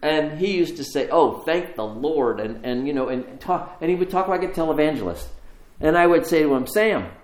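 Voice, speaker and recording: A man giving a sermon, telling a story with pauses and shifting emphasis. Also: on the high side. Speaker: preacher. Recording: roomy echo.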